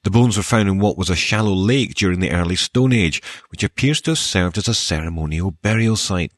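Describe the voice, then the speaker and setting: A man with a soft Scottish accent hosting a show, reading archaeology news and dedications with wry, dry joking asides. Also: deep voice, a little fast, no echo. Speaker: podcast host.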